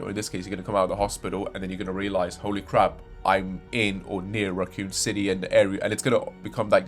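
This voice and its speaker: Young guy w a lowish voice rambling about game leaks, kinda sarcastic, music playing quietly behind him. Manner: rambling, sarcastic, self-correcting. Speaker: gaming channel host. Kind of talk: casual video game news commentary.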